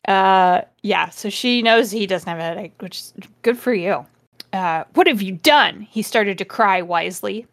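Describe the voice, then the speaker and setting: A woman's voice: medium pitch, unhurried. A woman co-hosting a comedy podcast, reading a story aloud and breaking off for sardonic asides.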